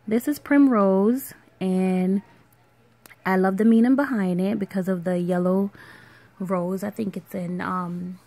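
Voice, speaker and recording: A woman in her thirties with a Caribbean island accent chats casually in a home vlog. Her voice has a gravelly, creaky edge, and her talk wanders, filled with ums and small laughs. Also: mid-range voice, unhurried. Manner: relaxed, rambling, with fillers and soft laughs. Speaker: vlogger. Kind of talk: casual show-and-tell vlog.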